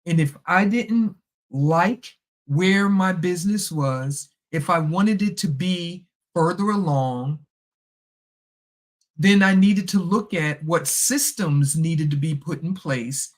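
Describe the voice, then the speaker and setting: A middle-aged woman hosting a podcast, telling a personal story in a casual, animated way and acting out past conversations. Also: lowish voice, slow pace. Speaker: podcast host.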